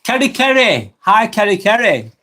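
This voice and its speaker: A man's voice: high voice, big pitch swings, moderate pace, bright, forceful tone. A man hosting a live stream, reading viewers' comments aloud and chatting back in a casual, rambling way. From England.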